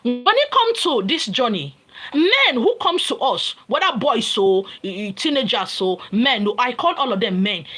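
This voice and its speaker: A woman's voice: high voice, fairly bright tone, low-quality recording. A woman with a Nigerian accent giving an informal spiritual teaching, talking in an emphatic, repetitive, lecturing way.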